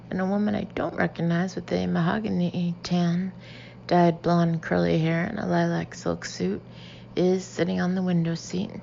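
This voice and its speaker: A woman narrates a first-person novel in an expressive way, often dropping into breathy asides. Her voice is low, mellow and gravelly. The recording is a little dull, with a faint hiss. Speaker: audiobook reader.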